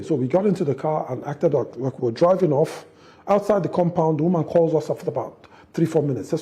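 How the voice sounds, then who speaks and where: A middle-aged man, telling a family story in an interview, animated and acting out the quotes, with frequent restarts. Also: fairly high pitch, quick pace. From Nigeria. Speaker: interview guest, father.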